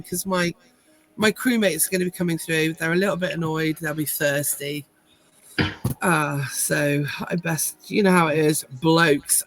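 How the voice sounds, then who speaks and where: A woman's voice: on the low side, a bit bright, rough recording. A woman playing a tabletop game in character, chatty, cheeky and easily flustered. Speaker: player. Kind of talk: tabletop role-play in character.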